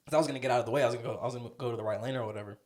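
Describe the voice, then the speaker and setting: A man's voice: medium pitch, steady tone, very fast, darkish tone. A young man co-hosting a podcast, telling a story in a casual, profane, rambling way. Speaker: podcast co-host.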